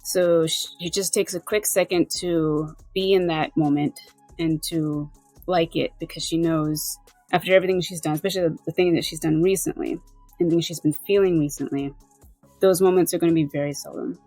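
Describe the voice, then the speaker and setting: Soft, low-voiced woman player. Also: fairly even intonation, normal speed, no echo, faint music behind, rough recording. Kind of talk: playing a tabletop game.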